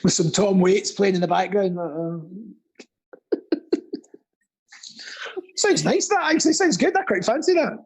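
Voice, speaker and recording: A man's voice: high voice, lively intonation, measured pace, pauses often, breathy edge, rough recording. A Scottish man hosting an online quiz in casual, playful banter, often stumbling and repeating his words. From Scotland. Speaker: quiz host.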